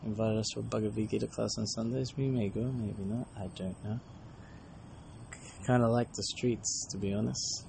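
A man's voice: fairly low pitch, fairly even intonation, moderate pace, gravelly, a little mellow, slight background noise. A man, a traveling monk, casually telling travel anecdotes and acting out bits of dialogue. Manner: chatty, acts out dialogue in anecdotes.

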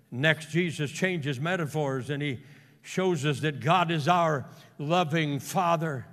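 A man, a pastor, delivering a sermon in a church, moving between hushed storytelling and loud, fervent exclamations. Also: a little high, slow pace. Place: church sanctuary. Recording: long hall reverb in a church.

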